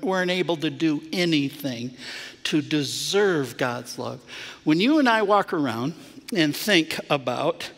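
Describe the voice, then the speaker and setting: A middle-aged man preaching a sermon, telling a personal story earnestly and swinging from hushed moments to emphatic ones. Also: a little high, big-room sound. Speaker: pastor. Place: church sanctuary.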